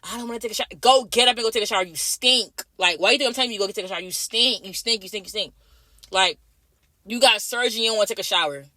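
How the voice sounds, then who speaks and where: Fast, bright-voiced young nurse ranting. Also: female voice, on the high side, no room sound. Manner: blunt, repetitive, heavy swearing. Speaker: night-shift nurse. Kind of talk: profane ranting vlog.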